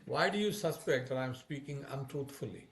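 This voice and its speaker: A man's voice: medium pitch, fairly quick, lightly acted. A man doing a jealous, reproachful young woman. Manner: sharp, reproachful delivery. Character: jealous young woman cowherd, proud and hurt.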